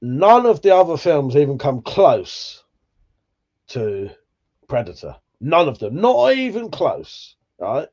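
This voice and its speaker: Man, livestream host, sweary casual chat, mellow voice, somewhat raised pitch, lo-fi sound. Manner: chatty, swears freely, laughs at himself. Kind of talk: casual chat reading out viewer comments.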